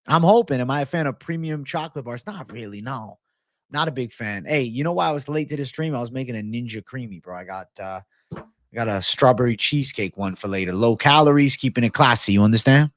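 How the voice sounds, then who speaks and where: Young guy on a livestream chatting with chat, cussing a lot, mid pitch, dry close mic. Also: a little fast, no room sound. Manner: loose, joking, swears a lot, talks to chat. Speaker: livestream host reading chat. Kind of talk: casual profane livestream chat.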